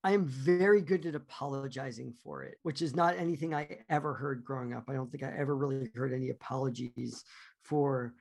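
A man's voice: mid-range voice, fairly quick, creaky, a little mellow. A man in his forties, a podcast guest talking candidly and reflectively about himself, often trailing off.

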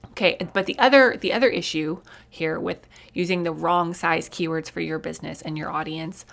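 A woman's voice: on the low side, normal speed, gravelly, a bit bright. A woman in her thirties from Colorado with a Southern US accent, hosting a casual solo podcast in a folksy, upbeat way and laughing often. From Colorado, USA. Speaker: podcast host.

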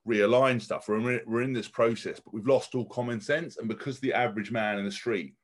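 A man speaking as a podcast guest, blunt and outspoken, swearing freely and often restarting his sentences. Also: fairly low pitch. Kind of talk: casual podcast conversation.

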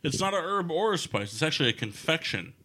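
Lively, bright-voiced man hosting. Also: on the high side, fast. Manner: crude, joking, steering the talk. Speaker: podcast host. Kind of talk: casual chat. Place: studio.

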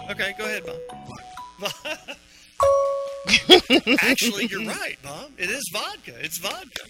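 A man hosting a morning radio show, his voice sitting a little high and swinging widely in pitch. He jokes and talks fast, laughing often. Music is playing clearly behind him. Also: rough recording. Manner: loud, fast and animated, quick laughs. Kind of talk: joking morning radio banter.

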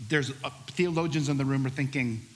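A middle-aged male pastor preaching a sermon, telling a lively personal story before moving into scripture. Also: mid-range voice, fairly quick. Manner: animated storyteller, shouts during the story's peaks.

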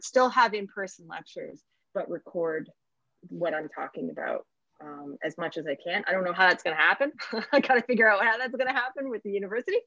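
A woman's voice: mid-range voice, fairly bright tone, no room sound, lo-fi sound. A woman, a professor, speaking reflectively and conversationally in a casual panel discussion.

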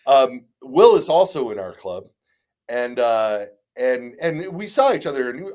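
A middle-aged man with a mid-pitched, ordinary voice speaks as a guest in a relaxed interview. He rambles through his stories, restarting sentences and stammering. He is candid and self-deprecating, and swears now and then. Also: measured pace. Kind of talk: casual interview storytelling.

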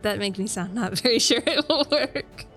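A woman's voice: a little high, lively intonation, moderate pace, fairly bright tone, soft background music. A woman player in a tabletop game, joking and laughing between questions. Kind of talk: casual game chat.

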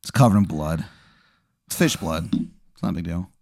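A man's voice: sits low, normal speed, gravelly, darkish tone, dry recording, clean studio sound. A man hosting a podcast, telling an improvised comic story with lots of fillers. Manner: rambling, filler-heavy, laughing narration. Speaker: podcast host.

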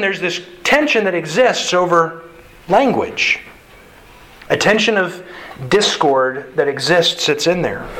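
In a low-quality recording, a man with a high-pitched, pushed, bright voice preaches a sermon conversationally. He explains a passage while quizzing the congregation with questions.

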